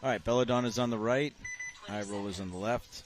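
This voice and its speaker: A man's voice: mid-range voice, brisk. A middle-aged man with a Boston accent doing live sports commentary, explaining tactics as the play unfolds.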